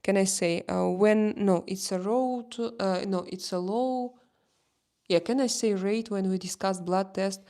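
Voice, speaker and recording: A woman with a Slavic accent chats casually on a livestream, reading and answering viewer comments. Her English comes in animated bursts that break off and restart. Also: mid-range voice. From Slavic country. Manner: animated, halting, many restarts. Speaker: livestream host.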